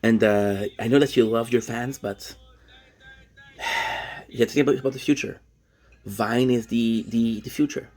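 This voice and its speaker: A man's voice: medium pitch, steady tone, measured pace, long pauses, darkish tone. A man from Quebec, Canada, streaming a rambling, joking casual monologue full of tangents. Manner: rambling, tangent-prone, joking, self-deprecating.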